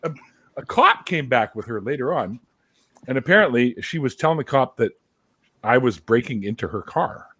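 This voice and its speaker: Casual host, male, lively swooping delivery, bright forward tone, swears freely, belts out the reenactments. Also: mid-range voice, normal speed, slightly rough, no room sound. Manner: animated storyteller, loud yelled reenactments, swears freely. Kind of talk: casual chat, storytelling.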